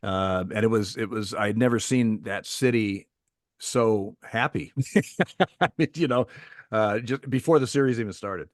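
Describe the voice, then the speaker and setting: A former umpire tells stories with energy, jumping into the voices of the people he quotes. His voice sits on the low side, and the sound is dry and close with no room echo. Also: a little slow. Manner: animated storyteller, acts out quoted people. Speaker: retired umpire guest. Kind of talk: casual storytelling chat.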